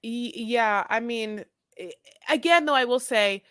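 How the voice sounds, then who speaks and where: Young female co-host, bright and forceful, dry close mic, animated gossip recap. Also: fairly high pitch, measured pace, smooth, no room sound. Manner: animated, acts out quotes, swears freely. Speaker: podcast co-host. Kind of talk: casual reality-TV recap chat.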